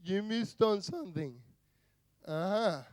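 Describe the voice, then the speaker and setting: An Australian man doing a stand-up comedy set, bantering with the crowd in a slow drawl. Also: sits high, a little mellow, no room sound. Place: live venue with audience.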